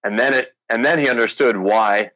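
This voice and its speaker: A man's voice: mid-range voice, moderate pace, pushed and bright, no room sound, dull audio. A man telling the story of the company he founded in a casual interview, rambling and full of fillers. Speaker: founder of a sports drink company.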